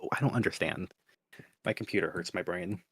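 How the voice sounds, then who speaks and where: A man's voice: low voice, brisk, fairly bright tone, husky. A young man hosting a game stream, chatting casually in a rambling, playful way. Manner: rambling, playful, mumbly aside. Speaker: host. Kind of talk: casual gameplay chat.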